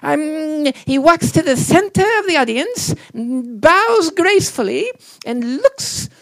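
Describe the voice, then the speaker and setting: A squeaky boyish radio comedy character. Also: male voice, animated, takes it slowly, gravelly, a bit bright, dry recording, full character voice. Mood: gleeful. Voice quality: high squeaky falsetto. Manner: reads out his own stage directions. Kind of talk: live anecdote with impression.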